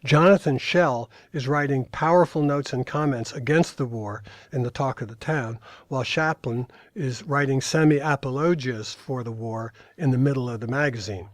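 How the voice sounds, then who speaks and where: A man's voice: medium pitch, moderate pace, few pauses, dry recording. An older man reading aloud from his own memoir at a live talk, in dry storytelling with brief asides to the audience.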